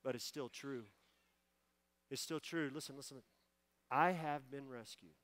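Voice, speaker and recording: A man's voice: medium pitch, fairly bright tone. A man in his forties, a pastor preaching a sermon and then praying, speaking with fervent emotion and repeating key phrases for emphasis. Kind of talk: sermon ending in prayer. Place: church sanctuary.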